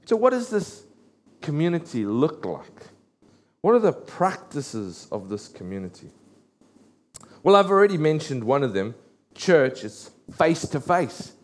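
A pastor giving a sermon in an earnest way, repeating key phrases for emphasis. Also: male voice, a little high, sing-song, a little slow.

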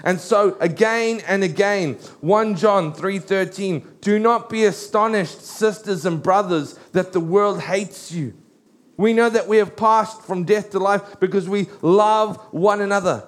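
A middle-aged man preaching a sermon, animated and storytelling, slowing down to read scripture. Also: high voice.

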